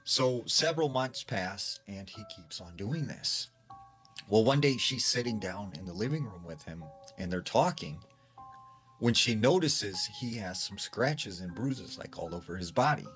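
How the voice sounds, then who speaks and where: A man's voice: on the low side, expressive, measured pace, a bit bright, soft background music. A man casually retelling a creepy true story in a chatty way, full of "like" and "she's like". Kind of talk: casual spoken scary story.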